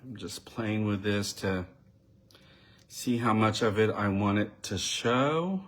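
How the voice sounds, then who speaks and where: A man's voice: on the low side, slow, fairly bright tone. A man giving a live card-making demonstration, chatting and thinking aloud as he works and talking directly to his viewers. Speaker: crafting demonstrator.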